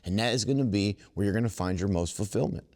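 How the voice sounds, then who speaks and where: A man speaking at a twelve step workshop, earnest and preacher-like, slowing down to stress his points. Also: on the low side, a little mellow, big-room sound. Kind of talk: recovery workshop talk.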